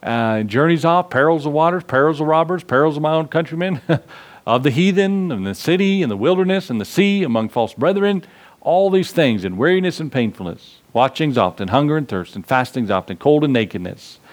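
A man preaching a sermon, quoting old-fashioned scripture and pushing his points with rising emphasis, then dropping low and reflective. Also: expressive, fairly quick. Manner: quotes scripture in King James wording. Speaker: pastor.

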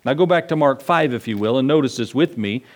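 A man's voice: mid-range voice, expressive, quick pace. A man preaching a sermon as pastor, talking in a conversational way with jokes, rhetorical questions and key words drawn out for emphasis.

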